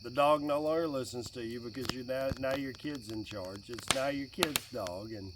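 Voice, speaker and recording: A man in his late forties chatting casually and jokingly by a campfire outdoors, getting animated when quoting his kid. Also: mid-range voice, normal speed, far from the mic, heavy background noise. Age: 40s. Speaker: vlogger. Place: outdoors by a fire at night with crickets.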